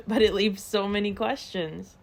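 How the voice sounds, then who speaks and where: Gravelly-voiced woman telling a true-crime story. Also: mid-range voice, steady tone, measured pace. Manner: chatty storyteller, many fillers and quoted asides. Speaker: podcast co-host. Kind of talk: casual chat, retelling true-crime stories.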